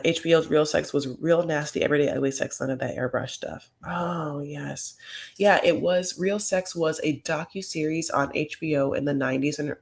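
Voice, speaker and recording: A man's voice: fairly high pitch, vocal fry. A man hosting a comedic reality TV recap, talking in a rambling, campy way full of fillers.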